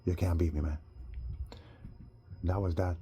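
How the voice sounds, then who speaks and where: A man telling a rambling personal story, animated and sometimes heated. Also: low voice, a little slow, highs cut off, noisy background. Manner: animated, rising to heated outbursts.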